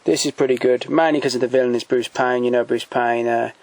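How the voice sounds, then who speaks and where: A man speaks at an everyday middle pitch, thinking aloud as he goes, with frequent ums and restarts. He is off-the-cuff and keen, recorded at home beside a shelf. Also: fairly even intonation, brisk, darkish tone, no echo, poor audio. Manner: hesitant, many ums and restarts, enthusiastic recommendations. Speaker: collector showing DVDs. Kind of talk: casual off-the-cuff commentary.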